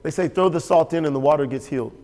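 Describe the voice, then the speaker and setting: A male pastor delivering a sermon with a fairly high voice. He is emphatic and repetitive, hammering his points home and asking the congregation for agreement. His voice rings out with the long reverb of a large hall. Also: fast talker, darkish tone. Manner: emphatic and repetitive, asks the audience for assent.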